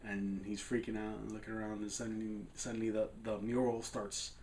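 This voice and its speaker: A man's voice: fairly low pitch, completely flat delivery, brisk, darkish tone, a little hiss or hum. A man casually recapping a film's plot, rambling with restarts. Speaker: film reviewer.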